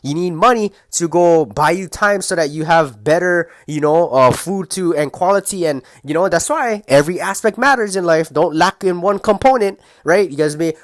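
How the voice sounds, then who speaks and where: A man's voice: fairly high pitch, moderate pace, hardly any pauses, dry recording, clean studio sound. Fired-up profane young man. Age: young adult. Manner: profane, rambling, heated. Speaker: motivational vlogger. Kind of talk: casual motivational rant.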